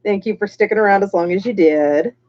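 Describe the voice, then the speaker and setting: A woman's voice: mid-range voice, a little fast, dull audio, slight background noise. A woman hosting a casual livestream, chatting to viewers by name as she paints miniatures.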